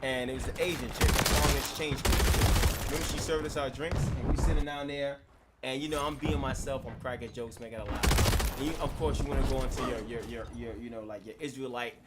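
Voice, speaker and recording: A man's voice: medium pitch, steady tone, a little fast, very noisy. A man ranting and telling stories on a live stream, brash, mocking and laughing at his own jokes.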